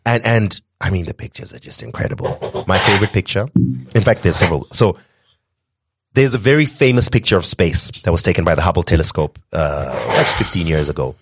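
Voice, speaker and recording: A man co-hosting a casual podcast, talking with excitement and many restarts, from Zimbabwe. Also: sits low, a little fast, breathy edge. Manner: enthusiastic, rambling with restarts. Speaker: podcast co-host.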